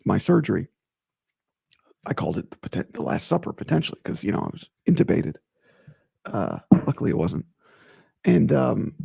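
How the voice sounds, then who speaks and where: A man hosting his own podcast in casual solo talk, his voice strained while it recovers, emphatic and repetitive when worked up. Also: mid-range voice. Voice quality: raspy, gravelly. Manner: animated, emphatic, repeats himself. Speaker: podcast host.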